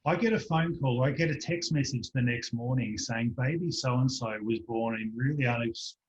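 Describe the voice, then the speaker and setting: A man, a practitioner telling a lively anecdote as a guest in an online interview, acting out the voices of the people in it. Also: mid-range voice, normal speed. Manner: animated storyteller, acts out voices in anecdotes. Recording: dull lo-fi online call audio.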